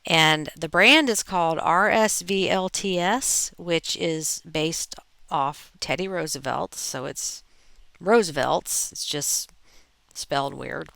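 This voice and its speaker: A woman hosting a reselling channel, relaxed and chatty as she reads viewer posts aloud with her own asides. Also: sits low, slow pace, gravelly, dry recording. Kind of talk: reading viewer posts in a casual narration.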